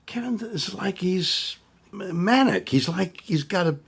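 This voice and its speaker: Husky, exasperated older man. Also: high-pitched, lively intonation, unhurried, a bit bright. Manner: exasperated, stammering repetitions. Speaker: actor reviewing impressions. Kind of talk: casual commentary.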